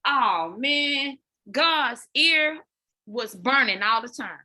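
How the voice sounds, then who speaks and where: A woman with a fairly high, bright and forceful voice tells her own story on a podcast interview. She is animated and open, talking straight to the listeners with "y'all" and stumbling over repeated words when the memory hits. It sounds like candid, heartfelt storytelling. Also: slow. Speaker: podcast guest, dance fitness coach.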